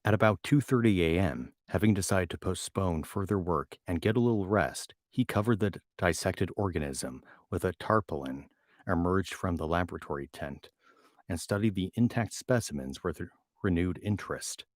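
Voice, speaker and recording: A man's voice: deep voice, lively intonation, moderate pace, no echo, studio quality. A man reading a novel aloud at home, often tripping over words and restarting them. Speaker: reader reacting to a novel. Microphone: home microphone.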